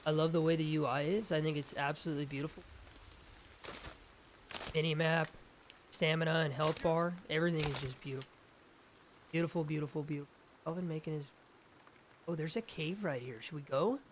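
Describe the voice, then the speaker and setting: A young man giving excitable let's-play commentary, chatting to viewers and calling out to his in-game companion. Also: fairly high pitch, brisk, pauses often, a little hiss or hum. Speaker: gaming YouTuber.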